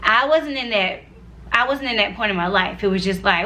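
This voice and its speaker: A woman's voice: medium pitch, moderate pace, sharp tone. A woman in her twenties telling her personal faith story to viewers in a chatty, earnest way, with many asides. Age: 20s. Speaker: vlogger sharing her faith testimony. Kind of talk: casual personal testimony.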